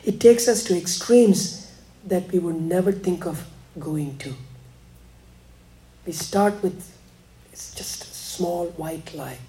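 Man, pastor, sermon, mellow warm tone, hushed lows and emphatic rises. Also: a little hiss or hum.

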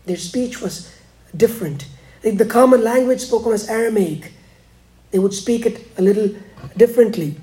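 A man preaching a sermon, dropping to hushed, slow lines and rising again for emphasis. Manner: preaching, swings between hushed lows and emphatic rises. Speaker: pastor.

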